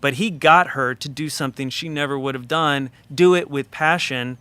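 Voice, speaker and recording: A man, a record producer, telling an animated story in a casual podcast interview, full of fillers and asides. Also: mid-range voice, moderate pace, clear, resonant tone, no echo.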